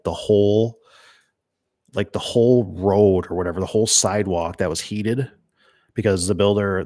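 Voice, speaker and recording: A middle-aged man from Michigan with a deep, low voice talks casually to his viewers about door and gate work. He rambles from one story to the next. The sound is dry and close, with no room echo. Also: darkish tone. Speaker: door and gate installer hosting a live stream. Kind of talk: casual chat reading viewer comments.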